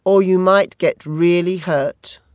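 A reader voicing a taunting, menacing teenage boy bully in a storybook reading, with slow, sneering threats. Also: medium pitch, steady tone, darkish tone, dry recording, clean studio sound, close to an everyday voice.

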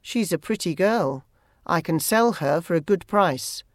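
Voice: medium pitch, lively intonation, unhurried, no room sound, studio quality, natural voice. A cold menacing bandit, as a reader voices him. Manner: threatening, mocking. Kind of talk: audiobook character reading.

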